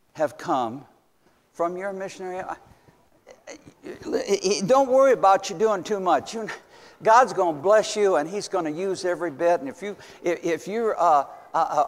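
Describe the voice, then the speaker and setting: Older man in his seventies, folksy preacher, high-pitched, stammers and whoops, sermon in a reverberant church. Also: fairly bright tone. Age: 70s. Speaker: visiting missions preacher. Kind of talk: storytelling sermon. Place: church sanctuary.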